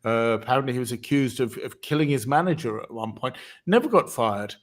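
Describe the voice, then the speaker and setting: Halting man hosting a livestream chat. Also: mid-range voice, lively intonation. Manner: halting, many fillers and restarts. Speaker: host.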